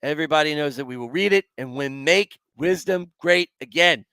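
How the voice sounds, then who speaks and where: Boastful older politician with a gravelly, brash voice and superlative-heavy bragging, put on by a man. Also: a little high, moderate pace, bright, forceful tone, no echo, pitched above the performer's own voice.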